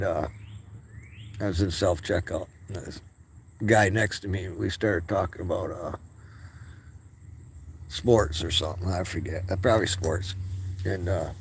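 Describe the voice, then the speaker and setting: Gravelly man ranting on camera. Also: on the low side, slight background noise. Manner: heated, profane, repeats and restarts words. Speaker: video channel host. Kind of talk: casual ranting monologue.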